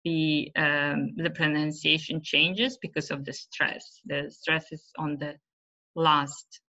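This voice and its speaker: A woman's voice: low-pitched, fairly even intonation, slow, pushed and bright. A middle-aged woman with an Uzbek accent presenting a teaching webinar, explaining patiently with fillers and frequent "right?" checks. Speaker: teacher trainer. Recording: dull lo-fi webinar audio.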